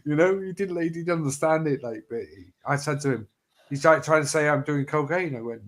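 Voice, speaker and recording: A man's voice: on the high side, fast talker, fairly bright tone. A man speaking as a guest in a casual livestream chat, blunt and sweary, trailing off with fillers. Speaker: panel guest.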